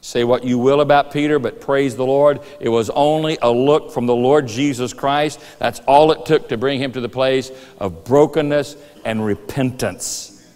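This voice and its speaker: A man preaching a sermon in a church, telling the story lively and acting out voices and rooster calls. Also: medium pitch, normal speed. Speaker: pastor. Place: church sanctuary. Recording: reverberant church hall.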